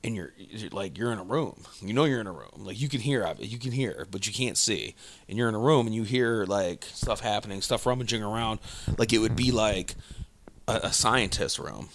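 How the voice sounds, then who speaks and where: A man with a lowish, fairly bright voice co-hosts a podcast at a moderate pace. His casual chat rambles, full of filler words and free swearing.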